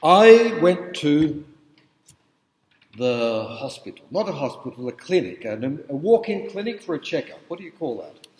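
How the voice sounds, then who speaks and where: A man's voice: fairly high pitch, big pitch swings, moderate pace, a little mellow. Middle-aged man lecturing in an echoey hall. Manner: informal, checks in with the audience. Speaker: university lecturer. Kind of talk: conversational lecture with anecdotes.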